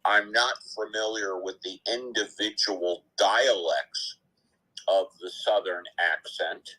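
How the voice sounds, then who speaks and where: Slow, bright-voiced man moderating. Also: sits low, fairly even intonation, husky, rough recording. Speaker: room moderator. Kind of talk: casual chat in an audio room.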